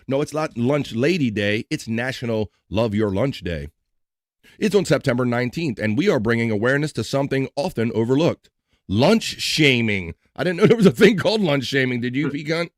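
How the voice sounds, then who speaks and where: Energetic, jokey male stream host. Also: mid-range voice, brisk, no echo, clean studio sound. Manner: energetic, jokey, sings along. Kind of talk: casual live stream chat.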